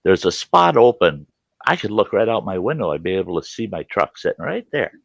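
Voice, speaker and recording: A middle-aged man with a low voice that swings up and down a lot, telling a folksy, salty story to his live chat. He laughs often, and the sound is close and dry. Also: sing-song, brisk, creaky, no echo. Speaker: livestream host.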